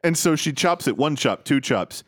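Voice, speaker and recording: Animated male comedy podcaster. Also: a little high, normal speed. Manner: animated, laughing, jumps into funny voices. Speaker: podcast co-host. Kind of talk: improvised comedy chat.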